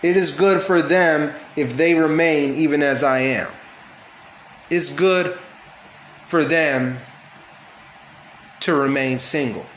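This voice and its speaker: A man teaches a casual Bible study, reading verses aloud, explaining them, and often checking in with his listeners. His voice is a little high and fairly bright, slow with frequent pauses, in an echoey room with faint background noise.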